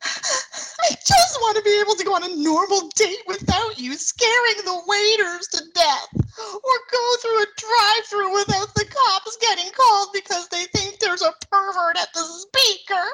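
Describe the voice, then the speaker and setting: A woman's voice: very high-pitched, measured pace, sharp tone, full character voice, poor audio. A woman playing a wife at counseling who pleads emotionally, close to tears. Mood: exasperated. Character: exasperated young wife at counseling.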